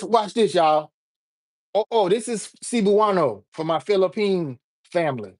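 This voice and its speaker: A man's voice: high voice, a little slow. A man hosting a casual livestream, joking and talking straight to his viewers. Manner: animated, repetitive, jokey, addresses viewers directly. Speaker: livestream host.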